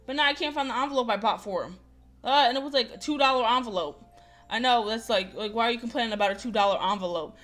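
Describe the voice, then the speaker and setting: A young woman hosting a visual novel playthrough, chatting to viewers with animated, casual asides. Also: fairly high pitch, rapid-fire. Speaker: gaming host.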